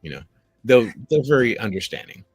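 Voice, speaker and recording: A man speaking as a guest on a live stream, telling anecdotes in an animated way and acting out little quoted lines. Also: on the low side, fairly quick, husky, no echo, soft background music. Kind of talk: conversational live stream chat.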